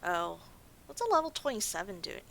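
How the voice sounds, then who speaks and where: On a low-quality recording with slight background noise, a woman speaks briskly and very animatedly in a gravelly, fairly bright, medium-pitched voice. Despite being tired and yawning, this let's play host gives relaxed, rambling gameplay commentary and jokes about her own slips.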